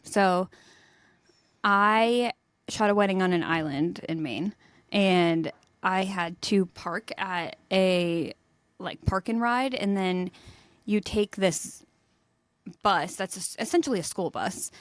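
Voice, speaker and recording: A young adult woman co-hosting a podcast, telling stories in a lively way and laughing as she goes. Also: medium pitch, slow, no echo. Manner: animated storyteller, laughs mid-sentence. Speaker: podcast co-host. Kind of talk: casual chat.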